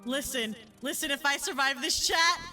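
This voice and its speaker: A woman streaming a game, excitable and swearing, with loud outbursts and giggles, saying she is high. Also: normal speed, faint music behind. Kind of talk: casual gameplay streaming.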